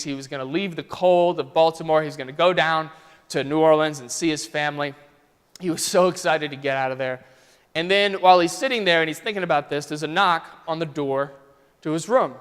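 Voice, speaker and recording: A man's voice: on the high side, a bit bright, clean tone. A male pastor telling a story in a conversational, vivid sermon style, in a church sanctuary. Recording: long church reverb.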